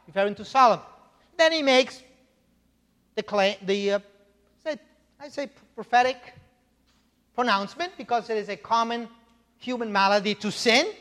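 A male pastor with a fairly high voice delivers a sermon in a church sanctuary, and a long hall reverb trails his words. He teaches conversationally, breaking off for asides and checking in with the congregation. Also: expressive, normal speed, pauses often, fairly bright tone.

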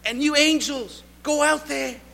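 Guy doing a jokey new england god, casual and loud, high-ish voice. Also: a little slow, gravelly, long reverb tail, heavily acted. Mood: playful. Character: God as a breezy, chummy male boss.

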